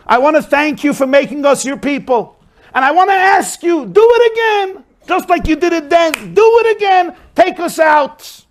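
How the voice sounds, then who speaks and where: A man voicing a remorseful, struggling drunk father who confesses low and subdued. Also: moderate pace, a little hiss or hum, close to an everyday voice. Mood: pleading. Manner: low, subdued confession that rises to loud pleading prayer.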